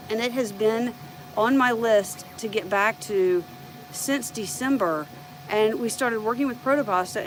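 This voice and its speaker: On a low-quality recording with slight background noise, a middle-aged woman from the U.S. speaks in a higher-leaning voice with a light Southern accent. She's casually talking about her printer on a live stream, musing aloud along the way.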